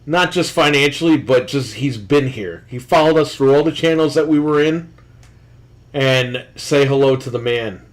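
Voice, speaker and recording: A man co-hosting a casual podcast, ranting loudly with heavy swearing. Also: mid-range voice, moderate pace. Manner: profane, loud, ranting. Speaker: podcast co-host.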